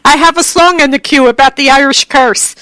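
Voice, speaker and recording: A woman's voice: high voice, fairly quick, bright, forceful tone, no room sound. A woman hosting a casual radio talk show, rambling and bawdy as she jokes around with her guests. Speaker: show host.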